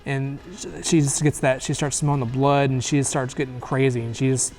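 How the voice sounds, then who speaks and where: A man's voice: mid-range voice, flat delivery, a little mellow, faint music behind. Rambling man retelling a movie plot. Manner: rambling, filler-heavy plot retelling with quick acted quotes. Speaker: movie review host. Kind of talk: casual movie recap.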